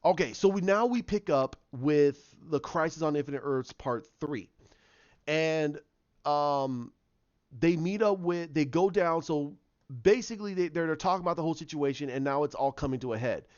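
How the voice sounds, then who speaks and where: A man talking casually and rambling in long stretches, acting out scenes with quick restarts and repeated words. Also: on the high side, smooth, no echo, muffled recording. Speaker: show recapper. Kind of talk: casual spoken recap.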